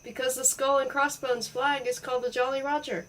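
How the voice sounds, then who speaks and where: A woman's voice: fairly high pitch, fairly even intonation, fast talker, pushed and bright, a little hiss or hum, low-quality recording. A woman voicing a curious, polite young boy.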